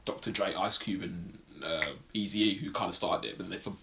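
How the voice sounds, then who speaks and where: A man's voice: sits low, fairly even intonation, a little fast, creaky, a bit bright, slight background noise. A man co-hosting a podcast in casual chat, telling stories in a rambling way full of "like" and restarts. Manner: rambling, filler-heavy storytelling with lots of "like". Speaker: podcast co-host.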